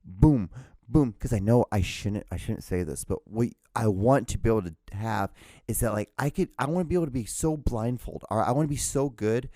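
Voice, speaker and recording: A young man with a lowish, mellow voice talks casually on his own show, cursing freely and restarting sentences. He pokes fun at himself as he goes, and the sound is close and dry with no room echo. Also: fairly quick. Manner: profane, self-mocking, rambling with restarts. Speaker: podcast host. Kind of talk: casual solo rambling.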